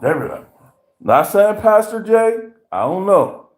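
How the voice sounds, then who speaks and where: A man hosting a livestream, telling stories in a profane, animated rant with voiced impressions. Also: high-pitched, a little slow. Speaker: livestream host. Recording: roomy echo.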